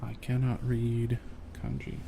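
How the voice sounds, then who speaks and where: A man's voice: medium pitch, monotone, unhurried, gravelly, background noise. A man whispering playfully through an ASMR livestream, teasing his chat and laughing often. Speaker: ASMR streamer.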